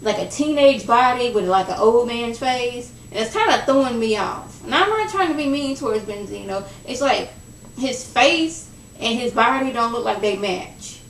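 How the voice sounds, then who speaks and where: A young woman chats through a reality show recap with a gravelly edge, dropping into a lower voice when she acts out what the cast said. She sounds a little off-mic, in an echoey room. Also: expressive, moderate pace, distant mic, a little hiss or hum. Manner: chatty, gossipy, acts out quoted lines in lowered voice. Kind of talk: casual recap vlog.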